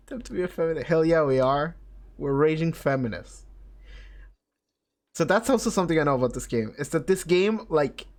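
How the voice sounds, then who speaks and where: A man's voice: fairly high pitch, expressive, moderate pace, long pauses. A man streaming a video game, giggling and reading the on-screen text aloud in casual commentary. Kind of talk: casual let's-play commentary.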